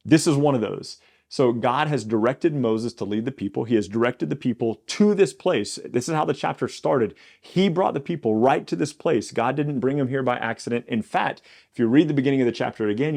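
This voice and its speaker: A man's voice: mid-range voice, a little mellow. A man hosting a Bible podcast, teaching in a casual, conversational way and briefly acting out the quoted lines. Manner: conversational, acts out God's lines with quick quirky quotes.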